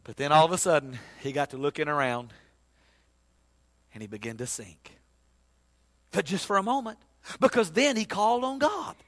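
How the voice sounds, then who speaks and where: High bright-voiced preacher in a hall. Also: male voice, moderate pace, pauses often. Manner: animated, folksy storytelling with sudden loud bursts. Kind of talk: sermon. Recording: long hall reverb.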